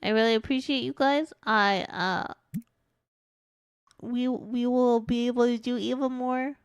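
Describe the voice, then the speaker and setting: A woman's voice: on the high side, fairly even intonation, unhurried, clean tone, no room sound, lo-fi sound. A woman streamer chatting casually while she plays, her voice stuffed up and congested, rambling and trailing off mid-sentence. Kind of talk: casual gaming stream chat.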